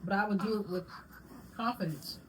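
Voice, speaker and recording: A woman's voice: medium pitch, normal speed, background noise. A woman chatting casually to her viewers in a vlog at home, rambling and tripping over her words now and then. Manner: addresses viewers with "y'all". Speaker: vlogger. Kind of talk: casual chat to camera. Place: home at night.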